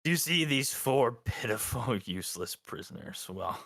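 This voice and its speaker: A man's voice: mid-range voice, animated, moderate pace, gravelly, a bit bright, no echo, clean studio sound. A man voicing a boastful half-dragon warlord with a taunting, mock-generous manner in a tabletop game.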